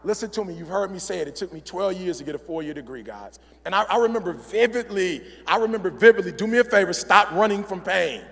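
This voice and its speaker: Gravelly preacherly man in a reverberant hall. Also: lively intonation, fast talker, hardly any pauses. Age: middle-aged. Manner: preacherly, builds from low intensity to shouting fervor. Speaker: motivational speaker. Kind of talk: motivational convention speech. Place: large convention hall.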